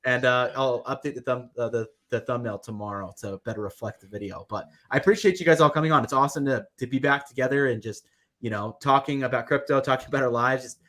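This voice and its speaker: A man's voice: medium pitch, fast, a bit bright. A man hosting a casual livestream chat, talking with lots of fillers and a friendly tone. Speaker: livestream host.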